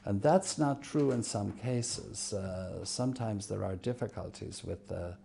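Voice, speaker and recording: An older man, a bishop, telling fond stories in an interview with many pauses and fillers. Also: lowish voice, vocal fry, a little hiss or hum. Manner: warm anecdotal, halting with fillers. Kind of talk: reminiscing interview.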